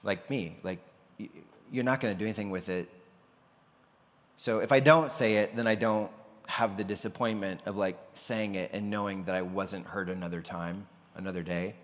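A man's voice: low-pitched, fairly even intonation, moderate pace. A man preaching a sermon in a loose, conversational way, sometimes acting out the people he quotes. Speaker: pastor. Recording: long hall reverb.

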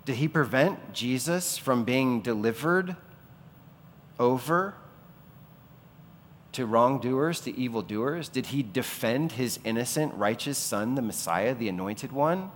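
Male pastor, mid-pitched voice, preaching with rhetorical questions and surging emphasis, echoing through a large church hall. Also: expressive, slow, slight background noise. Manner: rhetorical questions, swelling to impassioned peaks. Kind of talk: sermon. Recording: long reverb of a large hall.

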